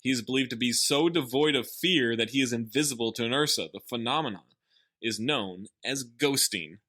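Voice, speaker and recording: Wry bright-voiced man recapping a movie. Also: mid-range voice, moderate pace. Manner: sarcastic, reads reviews and recaps the plot with jokes. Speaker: podcast co-host. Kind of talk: casual comedic movie commentary.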